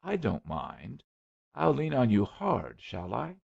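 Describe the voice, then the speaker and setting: Man reading as a sly schoolboy, firm and wheedling, husky, lively pitch. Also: slow pace, exaggerated voice. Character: sly stubborn boy of eleven. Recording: dull lo-fi recording.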